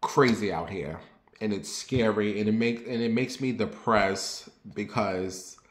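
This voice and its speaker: A young man chatting candidly to his viewers, confiding and rambling, then lively and sassy when he tells a story. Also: lowish voice, unhurried. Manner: turns lively and sassy when telling stories. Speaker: vlogger. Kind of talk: casual personal chat to camera. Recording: roomy echo.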